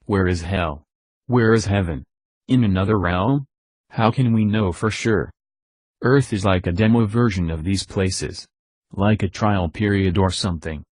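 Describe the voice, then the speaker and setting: A man's voice: on the low side, darkish tone, no echo. A synthetic male text-to-speech voice delivering religious narration, robotic in an evenly paced preaching monologue.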